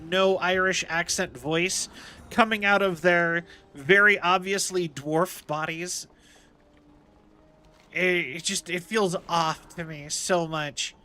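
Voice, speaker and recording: A man's voice: high-pitched, sharp tone. A man streaming a game, chatting casually and rambling as he thinks aloud. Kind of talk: casual live gameplay commentary.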